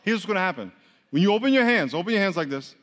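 Male pastor, slightly high voice, chatty and joking sermon delivery, long hall reverb. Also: lively intonation, very fast. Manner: conversational, joking with the congregation, swings from quiet to loud.

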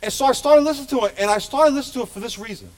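A man's voice: extremely high pitch, very fast, darkish tone. A middle-aged male pastor preaching a sermon to his church with passionate, emphatic delivery. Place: church sanctuary.

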